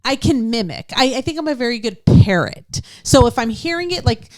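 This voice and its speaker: Chatty woman co-host in her forties with a slightly high voice and a dry, close sound. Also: lively intonation, no echo. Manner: chatty, quick to laugh. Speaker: podcast co-host. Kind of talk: casual chat.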